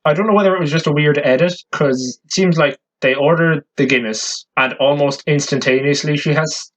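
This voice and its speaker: A man's voice: fairly high pitch, moderate pace, a bit bright, low-quality recording. A young Irish man co-hosting a podcast, reviewing a film with casual, sardonic remarks. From Ireland. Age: young adult. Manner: wry, sardonic. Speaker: podcast co-host.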